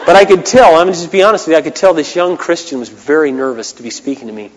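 A man's voice: a little high, very fast, slight background noise. Impassioned male preacher in an echoing hall. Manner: impassioned, swinging from shouts to hushed asides. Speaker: pastor. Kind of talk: sermon.

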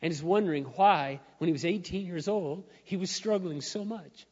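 A man preaching a sermon in a church, telling stories and building to loud, emphatic peaks. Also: high-pitched, moderate pace. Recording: dull sound with long hall reverb.

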